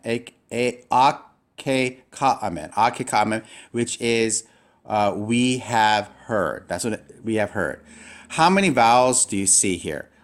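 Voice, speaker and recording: Low-voiced man teaching Greek syllables. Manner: patient, explanatory, many fillers and restarts. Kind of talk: recorded classroom lecture.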